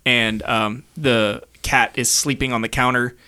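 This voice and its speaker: A man runs a tabletop game, narrating scenes in a rambling way with frequent fillers. His voice is bright and forceful. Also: mid-range voice, fairly even intonation, a little slow, smooth. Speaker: game master.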